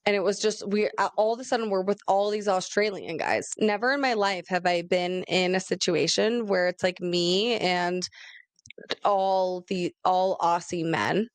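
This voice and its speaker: A young woman co-hosting a podcast, telling a story in an animated, rambling way, full of "like". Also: lowish voice, normal speed, no room sound. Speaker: podcast co-host. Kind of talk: casual chat.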